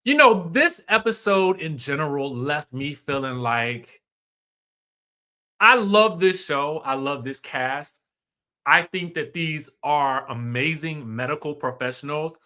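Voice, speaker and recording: A man's voice: on the high side, unhurried. A man hosting a casual live stream, greeting viewers and giving emphatic commentary. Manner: animated, emphatic, repeats phrases for effect. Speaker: host.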